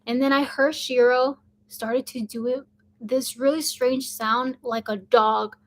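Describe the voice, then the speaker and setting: A woman's voice: high-pitched, steady tone, a little slow. A young woman, casually telling a story to camera, full of "like" and "um". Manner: chatty, many fillers like "like" and "um". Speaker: vlogger.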